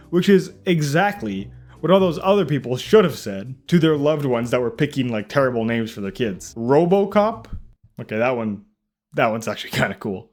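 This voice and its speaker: A man's voice: medium pitch, very animated, normal speed. A young man hosting a comedic reaction video, sarcastic and incredulous, often laughing and acting out mock dialogue. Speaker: YouTube reaction host.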